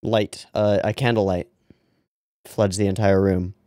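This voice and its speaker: Low and mellow, with a flat, unhurried delivery, a man offers casual anime reaction commentary, cursing often, laughing, reading on-screen lines aloud and responding to the screen. The clean studio recording has no room sound.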